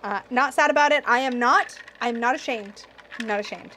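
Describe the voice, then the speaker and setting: High-pitched girl a bit tipsy, gushing and giggling over tarot decks, swears casually. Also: brisk, noisy background. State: slightly tipsy. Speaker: tarot YouTuber. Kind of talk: casual tipsy video review.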